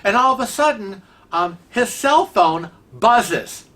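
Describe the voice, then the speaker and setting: A vlog host telling a travel mishap story in a casual, animated and indignant way, with restarts and repetition. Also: mid-range voice, takes it slowly. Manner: seated in a wheelchair while talking.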